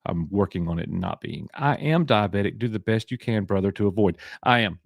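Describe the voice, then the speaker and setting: Joking Alabama live-stream host. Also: male voice, fairly low pitch, expressive, fairly quick, vocal fry, no echo, clean studio sound. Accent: Southern US, Alabama. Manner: joking, reads chat names aloud and banters. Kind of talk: casual live-stream chat.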